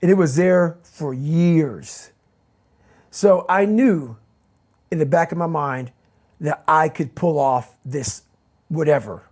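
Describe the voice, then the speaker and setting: A man's voice: fairly high pitch, slow pace, long pauses, a little mellow. A man giving a motivational interview as the guest, speaking intensely and emphatically and repeating his key phrases.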